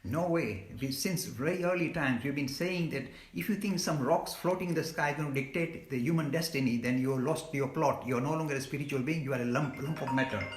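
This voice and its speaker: A man's voice: mid-range voice, a little fast, hardly any pauses. Emphatic man in an echoey room. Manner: earnest, emphatic, scolding, repeats words when worked up. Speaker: guest speaker on a live stream. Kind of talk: impassioned talk answering questions.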